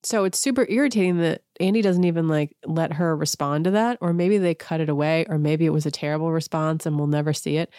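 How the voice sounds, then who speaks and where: A woman's voice: low voice, warm tone, no echo, studio quality. A woman hosting a podcast, giving a casual, sarcastic recap and mimicking the people she quotes. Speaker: podcast host.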